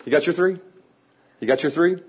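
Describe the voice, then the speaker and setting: A man teaching a room of adults how to work with children, energetic and playful, coaxing the audience to join in. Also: a little high, fairly quick, poor audio. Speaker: children's ministry trainer. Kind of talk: lively teaching talk to an audience.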